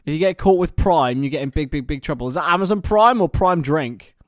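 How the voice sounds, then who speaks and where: A young British man hosting a live football watchalong, mixing excitable play-by-play with rambling banter. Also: on the high side, fairly quick, no echo. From Britain. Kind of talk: casual live match commentary and chat.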